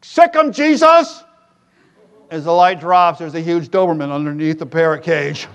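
A middle-aged male pastor preaching a sermon in a conversational, joking way, with loud emphatic peaks. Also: fairly high pitch, fairly even intonation, a little fast, clear, resonant tone.

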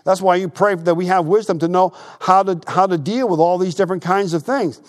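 A male pastor preaching a sermon in a church, telling stories in a lively, conversational way and repeating his phrases. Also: high-pitched, brisk.

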